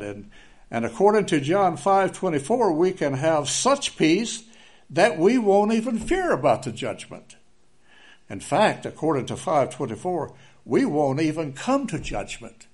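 An older man preaches in a relaxed, folksy way, weaving in stories from his own life. His voice swings freely up and down in pitch, and he repeats key lines to drive them home. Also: a little slow. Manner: folksy storytelling, repeats key phrases for emphasis. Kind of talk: informal sermon with personal stories.

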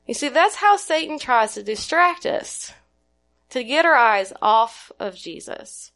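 A woman's voice: high-pitched, expressive, a little slow, fairly bright tone. A woman preaching a sermon in an earnest way, putting questions to her listeners and retelling scripture.

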